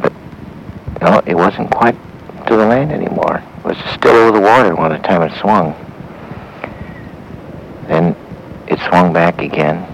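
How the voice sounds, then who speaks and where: A man telling a Christian story in a halting way, with pauses and restarts. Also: low-pitched, creaky, a little hiss or hum, poor audio. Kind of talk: spoken Christian story for listeners.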